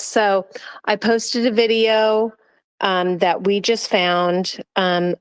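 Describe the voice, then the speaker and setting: A woman's voice: lowish voice, clean tone, dry recording. A woman, a podcast guest speaking hesitantly with many fillers. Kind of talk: casual chat.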